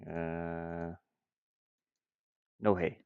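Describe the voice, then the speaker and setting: A man's voice: sits low, level tone, very slow, smooth, no echo, narrow, tinny audio. A man with a stuffy nose chatting casually on a live stream while he builds a game, rambling and talking to himself. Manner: rambling, self-talking, chuckles often. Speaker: indie game developer streaming.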